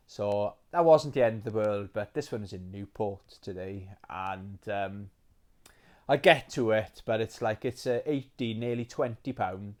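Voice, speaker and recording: A man chatting casually about games he has collected, rambling and quick to get excited, with lots of fillers. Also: lowish voice. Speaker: retro game collector. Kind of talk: casual video chat.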